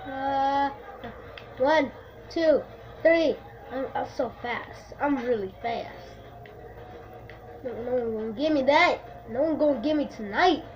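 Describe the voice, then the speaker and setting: Young woman, high voice, let's play commentary; excitable, mutters to herself, sudden shrieks; dull lo-fi audio. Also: unhurried, long pauses. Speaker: gamer. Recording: slightly dull lo-fi recording.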